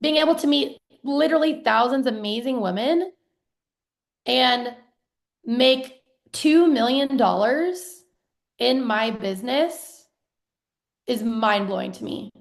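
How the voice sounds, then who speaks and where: A woman in her thirties, hosting a live stream as a business coach, pitching her program and reading out viewer comments in an excited, chatty way with casual swearing. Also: takes it slowly, creaky, long pauses. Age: 30s.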